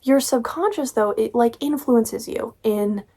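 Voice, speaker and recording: A woman's voice: on the high side, unhurried, mellow, slightly rough. Exasperated young woman ranting about a book. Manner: ranting, exasperated, sarcastic, swears freely. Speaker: book reviewer. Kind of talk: casual book review vlog.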